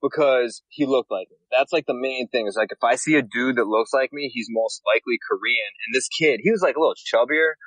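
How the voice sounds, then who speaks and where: A man's voice: medium pitch, a little fast, hardly any pauses, fairly bright tone, no room sound, low-quality recording. A young man, a podcast guest, telling stories in a laid-back way and laughing easily. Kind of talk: casual chat.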